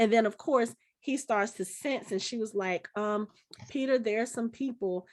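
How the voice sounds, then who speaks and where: A woman in her forties co-hosting a podcast chats casually at a moderate pace in a slightly high voice. She acts out movie scenes as she retells them.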